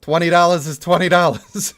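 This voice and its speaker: A man's voice: on the high side, fairly even intonation, normal speed, fairly bright tone. A man in his thirties chatting casually on a livestream, reading out chat messages and laughing often. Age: 30s.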